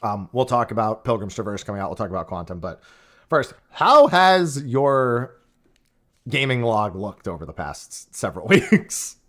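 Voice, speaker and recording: A man's voice: lowish voice, very animated, normal speed, fairly bright tone. A man hosting a casual gaming podcast, talking in a rambling, self-interrupting, joking way. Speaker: podcast host.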